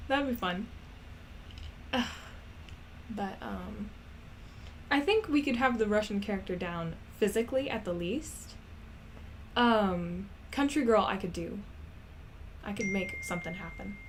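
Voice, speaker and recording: A woman's voice: mid-range voice, a little slow, long pauses, a little hiss or hum. A woman rambling in casual chat, giggly and self-deprecating. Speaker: animator and vlogger.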